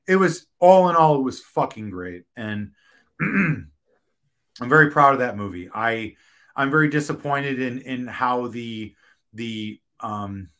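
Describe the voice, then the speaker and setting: A man's voice: medium pitch, animated, a bit bright. A man speaking as an interviewed film director, talking candidly with frequent restarts and the occasional curse. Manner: frank, halting, many restarts and profanity.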